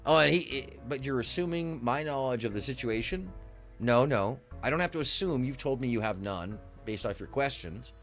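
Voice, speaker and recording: A man ranting on a livestream, indignant and full of curses. His pitch leaps up and drops all over the place, and he sounds sarcastic toward his chat. Faint music plays behind him. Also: animated, normal speed, fairly bright tone. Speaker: livestream host. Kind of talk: heated livestream rant at chat.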